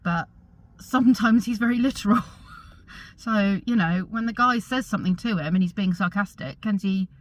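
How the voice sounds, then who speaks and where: A middle-aged woman vlogging in a chatty, rambling way, pausing to search for words and correcting herself as she talks. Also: medium pitch. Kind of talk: casual chat to camera.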